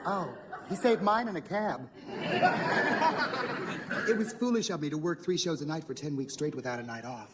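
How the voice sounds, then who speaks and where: An actor playing a polite, soft-spoken male female impersonator, gracious and gentle in a 1970s sitcom. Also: a little high, moderate pace, pauses often, over a noisy crowd, heavy background noise, natural voice.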